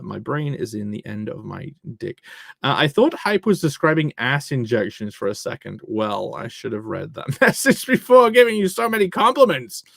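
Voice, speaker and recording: A man's voice: medium pitch, gravelly, fairly bright tone, no room sound, clean studio sound. A man chatting casually on a live stream, reading out viewer messages and joking around, swearing freely. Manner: rambling, jokey, swears freely.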